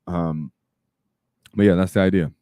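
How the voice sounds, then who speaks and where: Low-voiced guy chatting on his stream, dark tone, dry close mic, gets loud and animated. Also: a little slow, clean tone, dry recording. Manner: animated, laughs and shouts, many fillers. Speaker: streamer host. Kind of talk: casual livestream chat.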